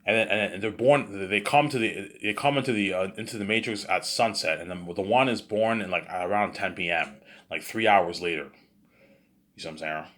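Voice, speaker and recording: A man's voice: sits low, a little fast, fairly bright tone. A man telling an improvised story in a rambling, boastful way, full of stumbling restarts and repeated filler phrases. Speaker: storyteller, vlogger.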